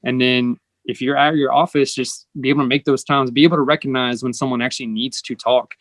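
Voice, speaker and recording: A man's voice: mid-range voice, steady tone, fast, a bit bright, dry recording. A man hosting an interview, explaining earnestly and acting out the lines people say. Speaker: host. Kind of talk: casual conversational interview.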